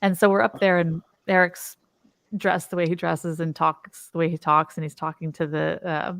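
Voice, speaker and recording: Female co-host from New York; low gravelly voice, dry recording, chatty. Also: level tone, moderate pace, a bit bright, no room sound. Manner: chatty, recounts stories. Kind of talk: casual chat.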